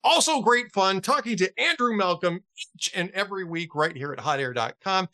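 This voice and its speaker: A man hosting a podcast, chatting casually and telling a joke like an animated storyteller. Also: sits high, moderate pace. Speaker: podcast host.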